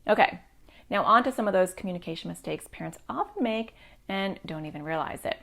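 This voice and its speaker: A woman's voice: mid-range voice, animated, brisk, gravelly, bright, forceful tone. A middle-aged woman, a child therapist, giving parents advice to camera in a direct, reassuring way.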